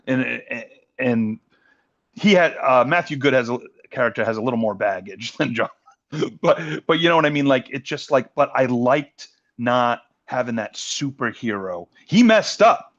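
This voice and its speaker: A man's voice: medium pitch, fairly bright tone, dull audio. A man co-hosting a podcast, chatting casually about TV shows, rambling with restarts and laughing easily. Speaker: podcast co-host. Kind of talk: casual chat.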